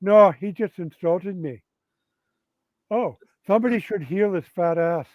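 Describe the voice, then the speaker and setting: A cocky, defiant Highland warrior with a Scottish brogue and a fairly high voice, as a man puts him on while retelling a game. The sound is dry and a bit dull, like a lo-fi recording. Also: unhurried, no echo. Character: brash Highland male warrior paladin.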